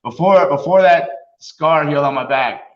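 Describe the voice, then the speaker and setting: A man's voice: on the high side, normal speed. A middle-aged man in casual interview talk, telling stories with lots of laughter and acted-out quotes. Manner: animated storyteller, laughs often, acts out quotes. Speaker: guest, retired wrestler. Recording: roomy, dull lo-fi sound.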